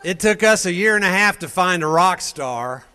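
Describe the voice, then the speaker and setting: A man works a live crowd in an emphatic motivational speech and pushes them with rhetorical questions. His voice is somewhat high, forceful and resonant. It rings out with the long reverb of a large event hall. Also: expressive, moderate pace, clean tone. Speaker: motivational speaker at a sales meeting.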